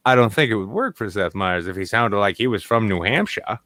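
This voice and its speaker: A man's voice: lowish voice, animated, brisk, fairly bright tone, dry recording. A young man from New England hosting a podcast, ranting sarcastically and swearing a lot in casual chat. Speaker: podcast host.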